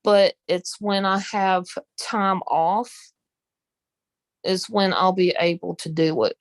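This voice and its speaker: Slow-talking Southern woman live streaming. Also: medium pitch, no room sound. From Southern United States. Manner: rambling, slow, full of ums, greets viewers. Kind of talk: casual live-stream chat. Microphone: phone.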